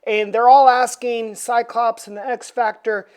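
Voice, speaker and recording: A woman recaps a comic book in a loose, irreverent way, cracking jokes and filling pauses with "uh." Her voice sits a bit above the usual for women. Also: a little high, fairly even intonation, darkish tone, clear, resonant tone. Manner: irreverent, joking, filler-laden.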